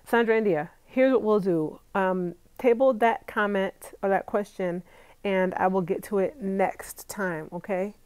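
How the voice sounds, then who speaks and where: A young woman vlogger talks casually to her viewers, reading out live comments and laughing easily along the way. Her voice sits in a middle pitch range, and the sound is dry and close, with no room echo. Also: unhurried, a little mellow, clean tone. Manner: chatty, laughs often, talks straight to viewers. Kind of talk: casual live-stream chat.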